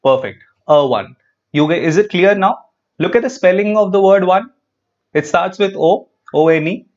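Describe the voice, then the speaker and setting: A man's voice: high voice, moderate pace, a little mellow, lo-fi sound. A man teaching an English grammar class live online, repeating key phrases and asking students questions. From India.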